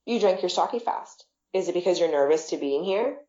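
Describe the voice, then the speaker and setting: A woman's voice: on the low side, expressive, brisk, mellow, roomy sound, highs cut off, natural voice. A woman reading as a blunt awkward man. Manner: blunt, oddly formal remarks. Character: awkward blunt male date, adult.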